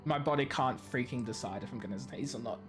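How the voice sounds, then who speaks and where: A woman streaming a game, chatting in an animated, rambling way with lots of tangents and giggling. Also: a bass voice, fast talker, over music. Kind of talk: gaming stream commentary.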